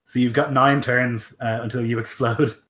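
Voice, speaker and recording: A man's voice: mid-range voice, steady tone, normal speed, a bit bright. A man narrating as game master, rambling with lots of filler words. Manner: rambling, heavy use of "like" and "um".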